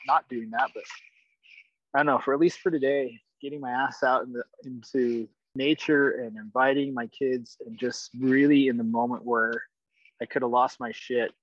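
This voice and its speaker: A man calls in and tells a story casually, swearing often and getting excited. His voice comes through dull and dry call audio. His pitch sits in an ordinary middle range. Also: no echo. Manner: excited, swears freely while telling a story. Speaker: caller on a coaching call. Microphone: online call.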